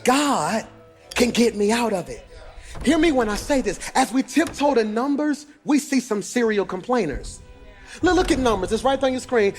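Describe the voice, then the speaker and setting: Male pastor, preaching in a high voice with a sung cadence and calls to the congregation, faint music underneath. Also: lively intonation, moderate pace. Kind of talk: sermon.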